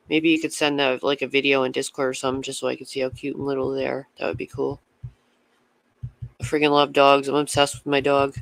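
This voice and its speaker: A man's voice: on the high side, pushed and bright, clear, resonant tone, no room sound. A man chatting casually with viewers on his livestream, rambling from topic to topic and swearing freely.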